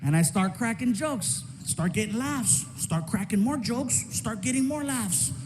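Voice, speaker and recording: High-voiced man doing animated stand-up. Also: measured pace. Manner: animated, shouting bursts, lots of character voices. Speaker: stand-up comedian. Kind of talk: stand-up comedy storytelling. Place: comedy stage before a live audience. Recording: stand-up recording with audience noise.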